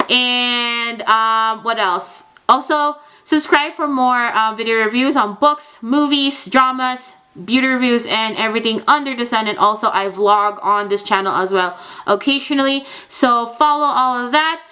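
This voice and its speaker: A young woman gushes through a casual book review vlog, chatty and full of little fillers. Her voice is bright and smooth, and she keeps the talk easy and enthusiastic as she speaks to her viewers. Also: fairly high pitch, a little slow. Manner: gushing, chatty, many fillers like "oh my god".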